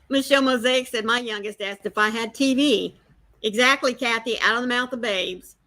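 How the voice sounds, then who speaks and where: A woman's voice: on the high side, normal speed, sharp tone. An older woman, chatting casually on a livestream, telling stories and explaining things like a teacher.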